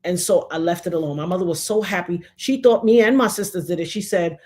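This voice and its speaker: A woman's voice: mid-range voice, lively intonation, fast talker, few pauses, darkish tone. A woman, telling a personal story dramatically, acting out the voices of the people she quotes and repeating lines for emphasis.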